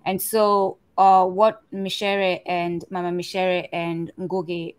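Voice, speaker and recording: Female co-host, low-set voice, chatty and searching, leads the panel. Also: level tone, slow pace, clean tone. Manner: conversational, searching, reads passages aloud. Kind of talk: panel discussion on a podcast.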